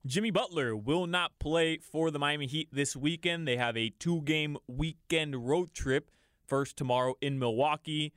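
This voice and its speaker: A man co-hosting a sports radio show, reading the headlines in a steady, matter-of-fact way and chatting with the host. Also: fairly high pitch, moderate pace, clean tone, dry recording, clean studio sound. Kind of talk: sports news headlines and banter.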